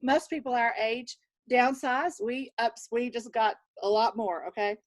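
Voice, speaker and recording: A woman in her sixties with a Southern US drawl, chatting lively about her life as a panel guest on a video call. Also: on the high side, a little slow, no room sound. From Texas. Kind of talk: casual storytelling on a video call.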